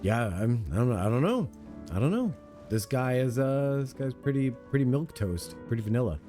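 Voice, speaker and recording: A man's voice: mid-range voice, very animated, moderate pace, mellow, soft background music. A man from Europe giving playful, chatty commentary as he streams a game, laughing at his own jokes. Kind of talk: casual gameplay commentary.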